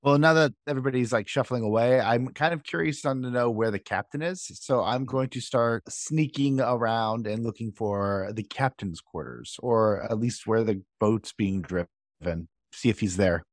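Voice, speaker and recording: Player, man, mid-pitched, earnest, dry close mic. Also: normal speed, no room sound. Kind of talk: tabletop role-play.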